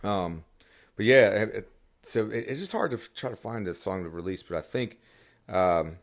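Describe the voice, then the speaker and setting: Deep gravelly man, rambling chat. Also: animated, moderate pace. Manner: rambling, with many restarts and fillers. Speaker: songwriter guest. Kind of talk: casual podcast conversation.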